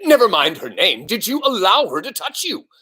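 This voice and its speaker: A man voicing a stern, pompous elder head mouse who hands down judgments slowly. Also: big pitch swings, bright, forceful tone, slightly rough, full character voice. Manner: slow, booming, pompous pronouncements.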